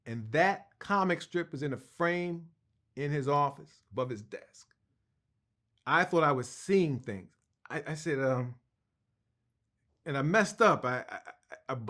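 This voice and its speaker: A middle-aged man, a cartoonist guest, telling a long personal story in an interview, animated and stumbling over restarts. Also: a little high.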